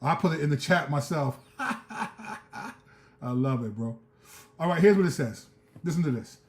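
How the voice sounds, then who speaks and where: Male streamer host, fervent street-slang preacher, slightly high voice, echoey room. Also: animated, measured pace. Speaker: show host. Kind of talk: live-stream commentary.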